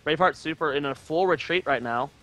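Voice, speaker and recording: A man casting an esports match, mixing joking banter with quick analytical play-by-play. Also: fairly high pitch, fairly bright tone. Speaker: esports caster. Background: faint game music.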